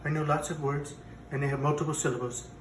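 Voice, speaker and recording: With little pitch movement and a quick pace, a man speaks in a fairly high voice close to his everyday one. His character is a boastful president hosting a cooking show in a parody, rambling and self-contradicting in a home kitchen. The echoey room is captured from a distance, with a touch of hiss or hum.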